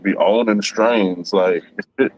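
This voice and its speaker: A man's voice: lowish voice, fairly even intonation, takes it slowly. A man who is a guest on a stream, explaining things casually in a loose, rambling way full of filler phrases. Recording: dull lo-fi audio.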